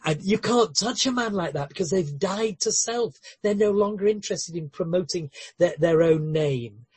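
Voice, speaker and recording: A man's voice: sits high, normal speed, darkish tone, breathy edge, dry recording. A man preaching a sermon in an earnest way, with light humorous asides and frequent word repetitions and restarts.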